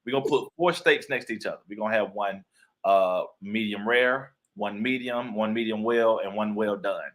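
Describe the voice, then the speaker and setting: Playful low-voiced man telling stories. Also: normal speed, a bit bright. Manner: playful storyteller, acts out quoted voices. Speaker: guest author and actor. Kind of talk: casual interview chat.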